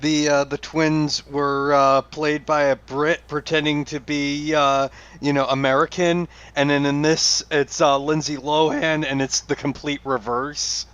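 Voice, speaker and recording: A man's voice: a little high, little pitch movement, a little slow, a bit bright, clear, resonant tone, no echo, dull audio. Hesitant man podcast co-host. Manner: hesitant, many "you know" fillers. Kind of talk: casual chat.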